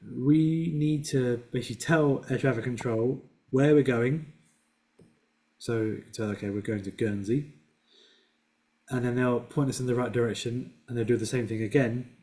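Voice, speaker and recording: A man's voice: medium pitch, normal speed, warm tone. A man teaching a flight lesson over a video call, explaining patiently step by step with small fillers. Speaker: flight instructor. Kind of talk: casual online flying lesson.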